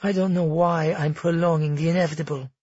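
Audiobook: male narrator reading a cold, guarded empress, restrained, husky. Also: on the high side, fairly even intonation, fairly quick, darkish tone, no echo, highs cut off. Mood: cold restraint. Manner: tight, cold. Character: weary, guarded young empress.

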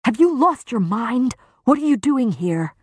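A woman's voice: medium pitch, fairly even intonation, measured pace, a little mellow, slightly rough, no room sound, studio quality. A woman reading the lines of an anxious young male fae in an audiobook, urgent and hissing.

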